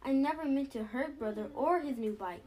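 A woman's voice: sits high, moderate pace, a little mellow, slight background noise, close to an everyday voice. Woman voicing a meek boy bear cub. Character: young boy bear cub cousin, eager and sorry.

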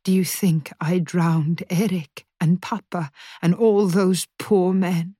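Audiobook role: woman reading a cold, hushed young woman, slow and dry. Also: lowish voice, breathy edge, no room sound. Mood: tense, hushed. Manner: hushed, clipped replies. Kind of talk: audiobook character voice.

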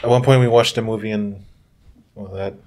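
A man's voice: on the low side, steady tone, fairly quick, a little mellow. A man co-hosting a podcast, chiming in offhand during casual chat. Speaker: podcast co-host.

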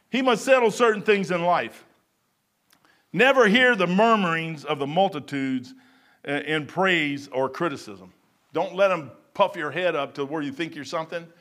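A man preaching a sermon in a folksy, rambling way, swinging between loud bursts and quiet asides. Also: a little high. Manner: folksy and rambling, with stumbles and chuckles.

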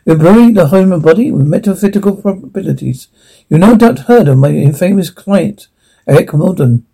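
A pompous boastful doctor. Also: male voice, on the high side, gravelly, mellow, slightly rough, exaggerated voice, rough recording. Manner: grandiose, self-important. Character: pompous male doctor boasting of his legacy. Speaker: narrator of a promotional film. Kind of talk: scripted narration.

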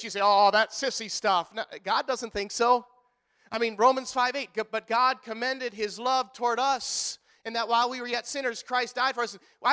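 Bright high-voiced man preaching a sermon. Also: clean tone. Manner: animated, joking with the congregation by name. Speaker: pastor. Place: church.

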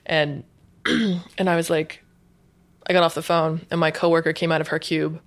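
A woman in her thirties, talking as a guest in a casual interview, chatty and animated, with lots of "like". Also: sits low, normal speed. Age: 30s. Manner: chatty, says "like" often, animated retelling. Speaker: guest, UX designer.

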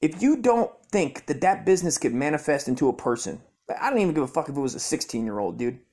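A man's voice: a little high, big pitch swings, fast talker, a little mellow. A young man hosting his own podcast, ranting profanely and muttering in frustration at his computer. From Southern California. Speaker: podcast host. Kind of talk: rambling solo podcast rant.

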